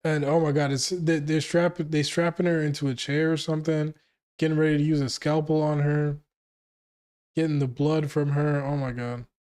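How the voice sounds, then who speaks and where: A man hosting a manga reaction video, talking casually with excited, slangy exclamations. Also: a little high, normal speed.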